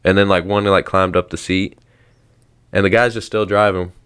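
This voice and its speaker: Deep-voiced man telling a wild story. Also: flat delivery, moderate pace, fairly bright tone, smooth. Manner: slangy, rambling, swears often. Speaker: podcast host. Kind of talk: casual storytelling.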